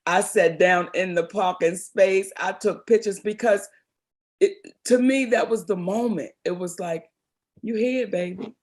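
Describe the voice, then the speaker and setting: Calling people "baby" as she goes, a middle-aged woman from Baltimore, Maryland, an actress and comedian, tells lively, expressive stories in an interview. She speaks at a measured pace in a mid-range voice.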